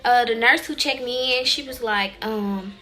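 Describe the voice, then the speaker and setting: Chatty young woman, bright voice. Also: a little high, normal speed. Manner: animated, chatty, addresses viewers as y'all. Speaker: vlogger. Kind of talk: casual storytelling to viewers.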